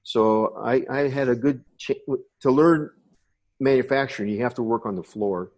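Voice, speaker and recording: A man's voice: mid-range voice, moderate pace, darkish tone. A man in his sixties from the United States, a podcast guest telling long rambling stories about his past. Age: 60s. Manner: rambling reminiscing storyteller. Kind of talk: casual interview.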